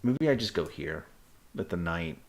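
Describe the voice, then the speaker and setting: A man streaming live chess, thinking aloud in halting, muttered bursts as he calculates moves. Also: low-pitched, big pitch swings.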